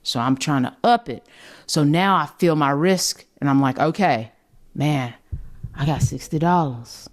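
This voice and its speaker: A woman co-hosting a podcast, telling a childhood story in casual chat, animated and laughing, acting out family voices. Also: low-pitched, measured pace. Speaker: podcast co-host.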